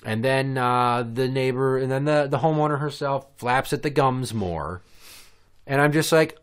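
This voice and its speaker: A man's voice: mid-range voice, measured pace, clear, resonant tone. A man hosting a podcast, telling a story in a blunt, sarcastic, profane rant. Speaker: podcast host. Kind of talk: casual ranting storytelling.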